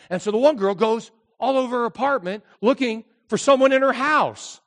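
A man preaching a sermon as a pastor, telling a story with animated delivery and acted-out voices. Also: extremely high pitch, normal speed, hardly any pauses, long reverb tail.

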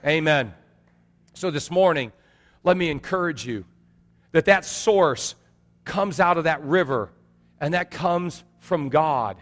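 A male pastor delivers a sermon in a high, bright-edged voice. He preaches in an animated, storytelling manner and calls out for amens. His words ring through a church hall with a long reverb. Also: slow, long pauses.

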